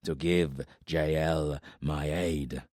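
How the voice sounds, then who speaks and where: A man voicing a hulking giant warlord, calm and menacing, in an audiobook, speaking slowly and deliberately. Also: no echo, clean studio sound, heavily acted. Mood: measured menace. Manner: slow, deliberate, rumbling.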